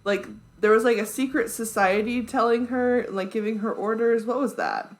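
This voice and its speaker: A woman's voice: fairly high pitch, sing-song, moderate pace, low-quality recording. Chatty female podcast co-host. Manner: chatty, peppered with "like", dry quips. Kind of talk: casual chat.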